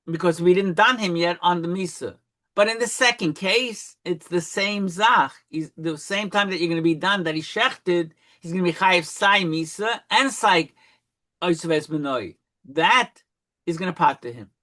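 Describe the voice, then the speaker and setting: A man's voice: high voice, normal speed, sharp tone. A man in a Talmud study session who explains patiently, confirms what his partner says and sums up the reasoning.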